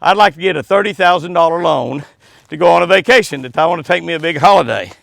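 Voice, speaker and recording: A man voicing a polite, earnest male frog in a joke he tells, speaking a little higher than his usual voice. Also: fast, creaky, fairly bright tone, no echo. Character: polite male frog asking for a bank loan.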